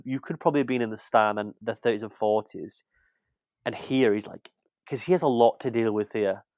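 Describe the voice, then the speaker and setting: A man's voice: mid-range voice, a little mellow, no room sound, studio quality. A British man in casual podcast chat, rambling and restarting his sentences as he talks about film. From Britain. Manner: rambling, repeats words and restarts. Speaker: podcast co-host, film critic.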